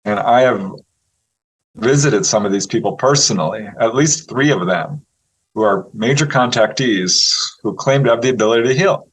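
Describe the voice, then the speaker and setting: Male interview guest, mid-range voice, animated raconteur who laughs a lot and acts out quotes. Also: mid-range voice, normal speed, husky, rough recording. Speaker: interview guest, UFO researcher. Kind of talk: casual storytelling interview.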